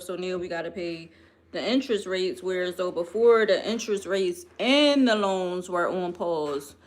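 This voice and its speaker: A young woman chats loosely on a live stream, speaking right to her viewers. She takes her time and lets her thoughts wander from one to the next, rambling in no hurry. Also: lowish voice. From Philadelphia, US. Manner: chatty, rambling, talks straight to viewers. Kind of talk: casual live-stream chat.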